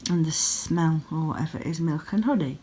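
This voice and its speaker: Sleepy chatty woman, low voice. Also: moderate pace, mellow, a little hiss or hum. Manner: chatty, gushing over small pretty things. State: sleepy, yawning. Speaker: yarn dyer and vlogger. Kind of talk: casual vlog chat. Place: home, craft room.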